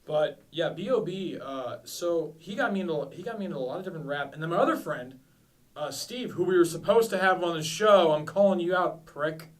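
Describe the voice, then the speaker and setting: A man's voice: on the high side, expressive, brisk, recorded from a distance, rough recording. A man in his twenties co-hosting a podcast, chatting casually in a rambling, self-deprecating way. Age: 20s. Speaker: podcast co-host. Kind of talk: casual chat.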